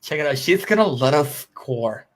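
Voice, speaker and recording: A man's voice: a little high, lively intonation, normal speed, natural voice. A man doing an impression of a dim-witted teenage cartoon boy with a dopey drawl.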